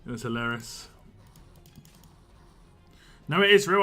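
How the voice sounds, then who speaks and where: A man's voice: on the high side, animated, a little slow, pauses often, pushed and bright, soft background music. A man, a game streamer, chatting casually and rambling on a live stream, laughing often.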